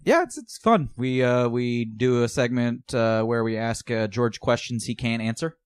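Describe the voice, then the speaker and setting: A man with a middle-pitched voice hosts a casual podcast, joking and sometimes breaking into a singsong. He is recorded close on a dry mic with no room sound. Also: normal speed, clear, resonant tone, no room sound. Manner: playful, jokey, sometimes singsong. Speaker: podcast host. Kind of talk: casual chat.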